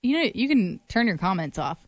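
A woman's voice: mid-range voice, sing-song, fairly quick, dry recording, clean studio sound. A young woman co-hosting a radio show, teasing and blunt in casual chat. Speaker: radio co-host.

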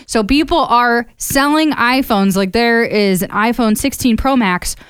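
A young woman co-hosting a radio show, telling stories in a chatty, animated way. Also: on the high side, measured pace, clean tone, no echo, clean studio sound. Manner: chatty storyteller, animated retelling. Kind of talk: casual radio chat. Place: radio studio.

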